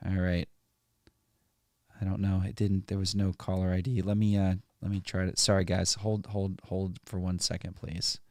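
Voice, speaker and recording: Low, smooth-voiced chatty stream host. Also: male voice, level tone, normal speed, a little mellow, no echo, clean studio sound. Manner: easygoing, chatty, laughs often. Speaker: livestream host. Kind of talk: casual live-stream chat.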